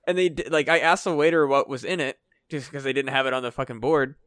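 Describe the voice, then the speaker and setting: A man's voice: medium pitch, fast, no room sound, clean studio sound. A man co-hosting a casual podcast, ranting and swearing his way through food gripes. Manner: profane, ranting, animated. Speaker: podcast co-host.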